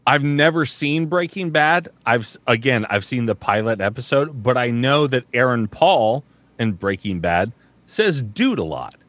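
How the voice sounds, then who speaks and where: A man's voice: medium pitch, expressive, normal speed, a bit bright, no room sound. A man, a voice actor, chatting casually, rambling with lots of swearing and filler words. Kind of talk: casual chat.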